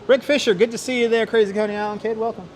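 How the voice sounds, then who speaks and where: A man's voice: high voice, fairly even intonation, rapid-fire, noisy background. Upbeat man greeting livestream viewers. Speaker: livestream host. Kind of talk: walking livestream, reading chat aloud. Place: city streets and a large indoor station hall. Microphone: wireless clip-on mic.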